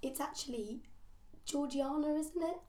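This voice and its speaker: A woman's voice: high voice, a little slow, mellow. A woman co-hosting a casual book podcast, talking hesitantly with many restarts and agreeing asides. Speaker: podcast co-host. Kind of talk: casual book-club chat. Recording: echoey room, distant from mic.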